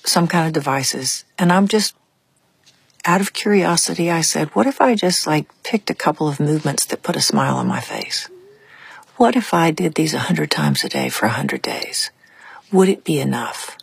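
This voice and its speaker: A woman's voice: deep voice, sing-song, moderate pace, creaky, slightly rough, no room sound. An older woman, a musician guest, telling stories in a reflective, thinking-aloud way during a casual interview.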